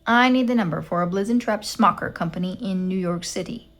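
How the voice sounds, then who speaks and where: A woman's voice: medium pitch, brisk, close to an everyday voice. A woman voicing a stern, practical, no-nonsense woman who speaks curtly and emphatically. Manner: curt, emphatic and scolding.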